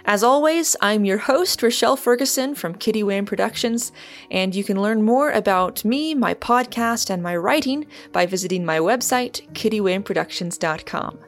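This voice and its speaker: A woman hosting a podcast, reading a novel chapter aloud in measured storytelling narration. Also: mid-range voice, expressive, soft background music. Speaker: podcast host and reader. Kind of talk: audiobook narration.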